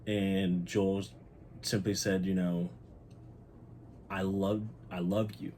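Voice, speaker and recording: A young man hosting his channel, recapping a TV episode in a casual, excited and heartfelt way, swearing freely. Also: low-pitched, slow pace, long pauses, slight background noise. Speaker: channel host.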